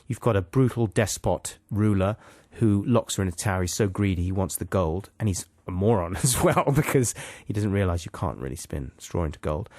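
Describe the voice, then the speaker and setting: A man's voice: low-pitched, expressive, brisk, mellow, no room sound. Rambling man retelling a fairy tale. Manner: rambling, tangent-prone, full of asides and caveats. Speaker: radio show co-host. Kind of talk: comic storytelling chat.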